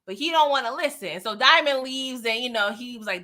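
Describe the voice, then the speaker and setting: A woman's voice: on the high side, expressive, fairly quick, sharp tone. A woman casually recapping TV episodes for her viewers, chatty and slangy, talking straight to the audience. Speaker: TV show recap vlogger.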